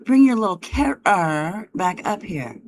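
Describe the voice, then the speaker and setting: Woman streamer, mocking and foul-mouthed, unhurried delivery. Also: medium pitch, lively intonation. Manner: taunting, profane, mocking. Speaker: livestream host. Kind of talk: heated livestream argument.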